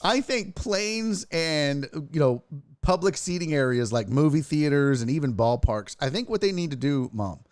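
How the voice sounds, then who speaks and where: A man's voice: on the high side, moderate pace. A man hosting a sports talk show, telling stories in casual chat, acting out quotes and swearing freely. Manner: animated storyteller, acts out quotes, swears freely. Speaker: show host.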